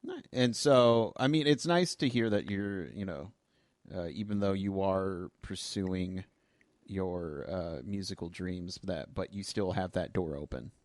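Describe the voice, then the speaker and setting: A man hosting a podcast, talking in a relaxed, rambling, self-deprecating way. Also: sits low, unhurried, no room sound. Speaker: podcast host. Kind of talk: casual interview chat.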